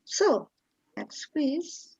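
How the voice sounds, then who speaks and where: A woman's voice: high voice, sing-song, drawn-out words, creaky, darkish tone, dull audio. A woman teaching an online English class, hesitant and full of fillers as she quizzes students. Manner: hesitant, many fillers, searching aloud.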